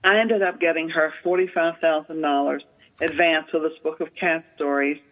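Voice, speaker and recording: A woman, telling an animated story as an author and literary agent guest in an interview, with many fillers. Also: deep voice, moderate pace. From Southern United States. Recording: tinny phone-line radio sound.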